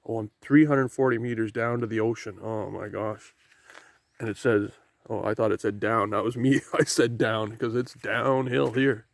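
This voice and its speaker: Gravelly man rambling on a forest trail. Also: fairly low pitch, steady tone, normal speed, no echo. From Canada. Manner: rambling, talks to camera while hiking. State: walking downhill on a trail. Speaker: vlogger. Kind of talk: casual walking vlog. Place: outdoor forest trail by the ocean, rain. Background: faint outdoor noise, rain and waves.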